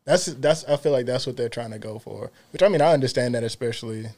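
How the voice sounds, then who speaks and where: A man's voice: medium pitch, fast talker. A man co-hosting a podcast, chatting casually and telling stories with lots of laughter. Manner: laughing, animated storytelling. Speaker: podcast co-host. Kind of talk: casual chat.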